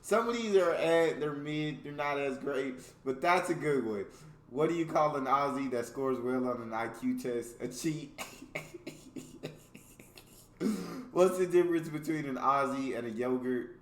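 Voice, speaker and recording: A man's voice: medium pitch, measured pace, echoey room. An American man hosting a reaction video, reading jokes aloud in casual commentary and laughing often between them. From United States.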